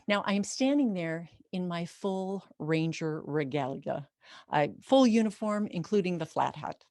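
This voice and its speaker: Woman storyteller, vivid and conversational, slightly low voice, dry close sound. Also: lively intonation, measured pace, a little mellow, no echo. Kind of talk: personal storytelling.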